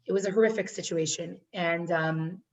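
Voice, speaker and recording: A woman's voice: on the low side, steady tone, moderate pace, distant mic, rough recording. A woman teaching a class, earnest and storytelling, often repeating words for emphasis.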